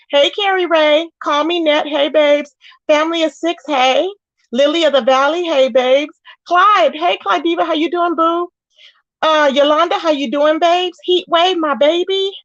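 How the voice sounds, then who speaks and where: A woman hosting a casual gossip livestream, sassy and animated, greeting viewers by name. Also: extremely high pitch, dry recording, lo-fi sound. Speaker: livestream host.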